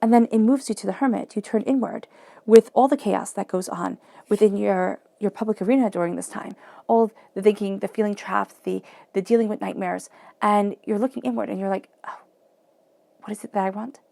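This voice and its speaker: A woman's voice: mid-range voice, steady tone, a little fast, gravelly, warm tone, no echo. A woman giving a flowing, encouraging tarot reading, often acting out quoted self-talk. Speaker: tarot reader.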